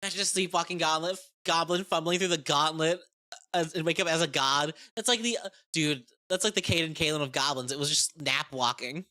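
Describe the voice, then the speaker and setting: A woman chatting excitedly about a tabletop game, profane and rambling, often restarting her sentences. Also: sits low, fairly quick. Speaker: game content creator. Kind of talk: casual tabletop game review.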